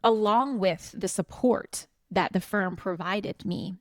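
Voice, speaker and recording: A woman's voice: medium pitch, slow, dry recording, clean studio sound. A woman in her forties co-hosting a podcast, telling a story in an earnest, passionate way. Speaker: podcast co-host. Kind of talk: reflective conversational podcast talk.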